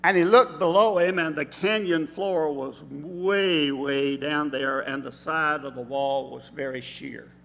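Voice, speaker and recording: A man filling in as preacher, giving a measured, explanatory sermon with pauses in a church sanctuary. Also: on the high side, fairly even intonation, creaky, a bit bright. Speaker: substitute preacher. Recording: reverberant church hall.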